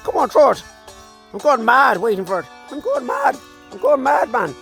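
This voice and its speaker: A scrappy, tough-talking young male dog with a thick Irish accent, as his owner puts him on, calling everyone "man" between shouts. The voice is pushed well above a grown man's usual pitch, loud and jumpy, caught on a phone out in the open. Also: huge pitch swings, moderate pace, gravelly, music in the background, full character voice. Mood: frantic. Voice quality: brash, foul-mouthed, says "man" a lot. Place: outdoors on a farm by a pond. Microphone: handheld phone.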